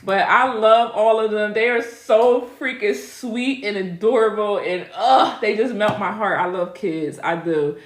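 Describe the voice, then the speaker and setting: A woman's voice: medium pitch, unhurried, few pauses, reverberant. A middle-aged woman hosting a casual live Q&A as a spiritual reader, chatty and laughing as she talks straight to her viewers.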